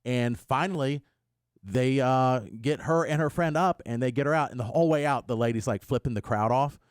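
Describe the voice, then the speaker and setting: A man's voice: mid-range voice, normal speed, clean tone, no echo. A man hosting a morning radio show, telling a story in casual studio chat and acting out the quotes. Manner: animated storyteller who acts out quotes. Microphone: studio microphone.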